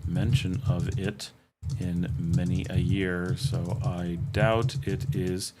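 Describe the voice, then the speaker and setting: A man's voice: sits low, level tone, takes it slowly, heavy background noise. A middle-aged man hosting a casual livestream Q&A, reading viewer questions aloud and answering them with frequent ums. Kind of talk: casual live Q&A chat.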